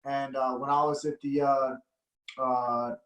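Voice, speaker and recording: A man's voice: medium pitch, little pitch movement, a little slow, a bit bright, muffled recording. A man hosting a podcast, telling rambling stories in a casual chat and laughing often. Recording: echoey room.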